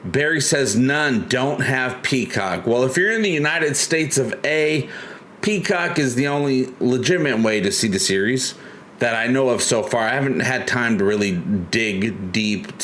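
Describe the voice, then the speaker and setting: A man's voice: mid-range voice, fairly bright tone, slight background noise. A man hosting a casual live stream, chatting loosely and reading viewer comments aloud. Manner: chatty, reads chat aloud, loose and rambling. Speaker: livestream host.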